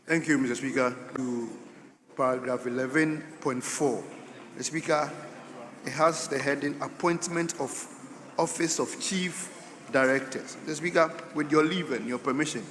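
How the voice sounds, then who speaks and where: A man's voice: mid-range voice, normal speed, a bit bright, big-room sound, a little hiss or hum. A man with a Ghanaian accent, a member of parliament making a hesitant debate speech full of restarts, in a large chamber. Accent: Ghanaian English.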